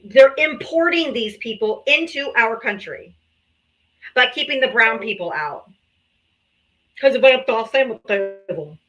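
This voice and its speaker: A woman's voice: on the high side, animated, measured pace, long pauses, fairly bright tone, rough recording. A woman hosting a political livestream, combative and taunting, calling out viewers to come up and talk. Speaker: livestream host.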